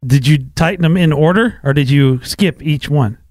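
A man's voice: on the high side, normal speed, a little mellow, no room sound. A male radio co-host patiently explaining practical advice in casual studio banter.

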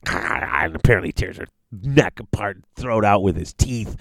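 A man casually retelling a fantasy battle story, excitable and rambling. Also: measured pace, gravelly, no room sound. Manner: excitable, rambling, big pitch swings. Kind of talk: casual chat.

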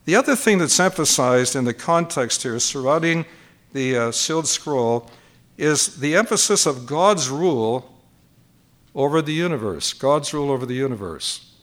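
A man's voice: medium pitch, expressive, normal speed, a bit bright. An older man preaching at a conference, teaching point by point and repeating key phrases for emphasis. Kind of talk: sermon.

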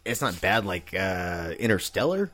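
A man's voice: deep voice, very animated, measured pace, a bit bright. A man co-hosting a film podcast, blunt and profane as he reviews a movie. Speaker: podcast co-host. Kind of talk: casual film review chat.

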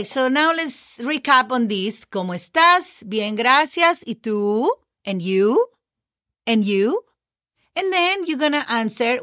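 A woman teaching on a casual podcast, her voice a touch high. She goes patiently, spelling words out letter by letter and often checking in with her listeners. The sound is dry and close. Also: a bit bright, dry recording. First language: Spanish. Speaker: Spanish teacher, podcast host. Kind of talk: casual podcast language lesson.

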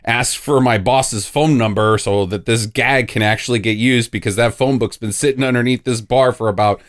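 A man's voice: medium pitch, fairly even intonation, moderate pace, no echo, studio quality. A man casually recapping a movie plot with jokes, lots of fillers and a rambling manner.

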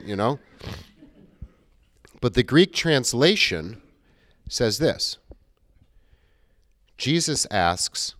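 A man's voice: on the low side, lively intonation, slow pace, long pauses, fairly bright tone, no room sound. Conversational male pastor preaching. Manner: conversational, acts out quoted dialogue. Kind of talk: sermon.

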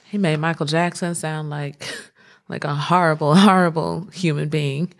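A woman's voice: sits low, fairly even intonation, a little slow. A woman co-hosting a casual chat, telling stories bluntly and swearing freely. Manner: blunt, profane storytelling.

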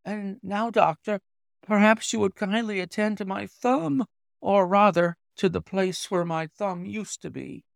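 A man's voice: sits high, steady tone, a little slow, gravelly, dry recording, clean studio sound, voice pushed up. A man voicing a shaken young engineer. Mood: weary.

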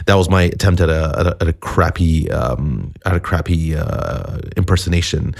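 A man's voice: very deep voice, normal speed, vocal fry, hardly any pauses, darkish tone. A man hosting a podcast in a chatty, self-deprecating monologue, a little sniffly from a cold. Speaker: podcast host.

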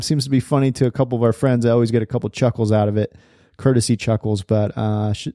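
A man in his thirties talks casually on his podcast, a chatty host who laughs often. His voice is mellow and warm. The recording is dry and close. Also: medium pitch, no echo.

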